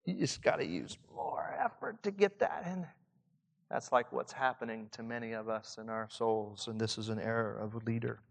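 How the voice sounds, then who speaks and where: A man with a Southern Indiana accent preaching a reflective sermon to pastors, often dropping to a soft hush to stress a point. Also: medium pitch, normal speed, gravelly. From Southern Indiana, USA. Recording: long hall reverb.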